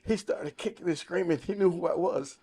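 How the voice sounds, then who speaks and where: A man's voice: sits high, a little fast, warm tone, slightly rough. A man of sixty telling his life testimony in casual podcast talk, emphatic and storytelling, quoting the people in it. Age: 60s. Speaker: podcast guest.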